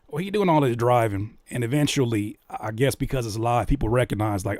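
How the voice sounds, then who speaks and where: A man hosting a reaction video, commenting in a casual, mocking way and getting loud when worked up. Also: mid-range voice, fairly quick, few pauses, dry recording, clean studio sound. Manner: animated, mocking, exclaims loudly when worked up.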